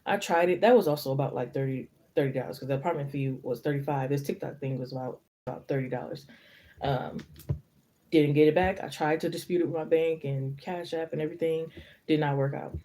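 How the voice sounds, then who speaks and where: Mellow-voiced young woman chatting on a live stream. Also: deep voice, a little fast. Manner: rambling, chatty storytelling with many fillers. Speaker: tarot reader hosting a live stream. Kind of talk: casual live-stream chat.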